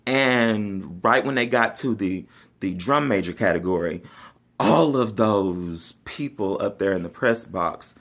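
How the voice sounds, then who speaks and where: Unhurried and fairly low-pitched, a man relates a funny personal tale with a sassy, relaxed attitude. He laughs a lot, alternating between loud exclamations and quiet side comments.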